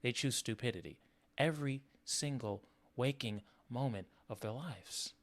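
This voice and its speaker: A man's voice: medium pitch, a little slow, fairly bright tone. A man streaming his reaction to podcast clips, ranting and cursing in angry, mocking commentary.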